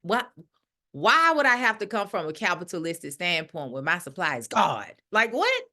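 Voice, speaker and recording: A woman's voice: fairly low pitch, normal speed. A middle-aged woman leading a ministry, giving a casual spiritual talk and acting out the voices of the people she quotes. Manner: animated, acts out quoted voices. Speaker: ministry leader.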